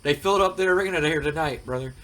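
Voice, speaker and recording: A man's voice: a little high, quick pace, a bit bright. A man hosting a casual gaming commentary, chatty and rambling with frequent fillers. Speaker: host.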